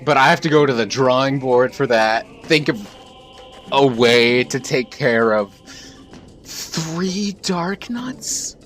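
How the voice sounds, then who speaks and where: A man streaming a video game live, thinking aloud, shifting between low mutters and frustrated outbursts. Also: fairly even intonation, a little slow, fairly bright tone, faint music behind. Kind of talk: casual live gameplay commentary.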